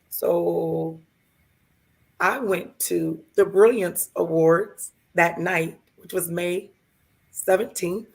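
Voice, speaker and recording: Gravelly-voiced woman telling a personal story. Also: on the low side, steady tone, slow, darkish tone. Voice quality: gravelly, hoarse from vocal cord lesions. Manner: emotional, heartfelt, voices others in her story. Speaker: podcast co-host. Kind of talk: personal storytelling on a live show.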